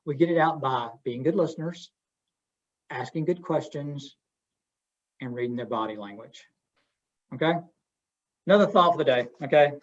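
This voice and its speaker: With a fairly high voice and a moderate pace broken by long pauses, a middle-aged webinar presenter leads a communication workshop. He keeps it folksy and interactive by questioning his listeners, though the audio sounds dull and lo-fi.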